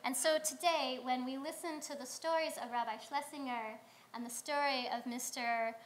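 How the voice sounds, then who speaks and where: A woman rabbi delivering a sermon in a synagogue, telling stories in a conversational way with pauses. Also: high-pitched, steady tone, a little hiss or hum. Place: synagogue sanctuary.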